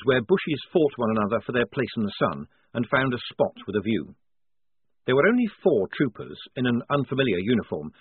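A man narrating an audiobook in an even, measured storytelling manner, on a narrow phone-like recording. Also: medium pitch, slightly rough, no echo.

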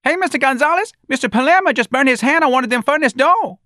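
A man voicing a factory worker who yells in frantic alarm. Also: extremely high pitch, expressive, quick pace, dry recording, clean studio sound, pitched above the performer's own voice, full character voice. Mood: panicked. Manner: yelling, frantic.

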